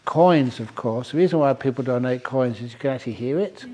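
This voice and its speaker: A man's voice: medium pitch, fairly quick, noisy background. A man who is a Buddhist monk, telling a playful story and answering questions at a retreat, often laughing at his own jokes. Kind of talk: storytelling Dhamma talk and Q&A.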